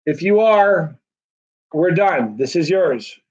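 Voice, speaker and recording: A man's voice: fairly high pitch, lively intonation, takes it slowly, a little mellow, breathy edge. A man hosting a casual livestream, rambling through a friendly sales patter. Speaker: livestream host selling signed hot sauce. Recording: dull, muffled lo-fi sound.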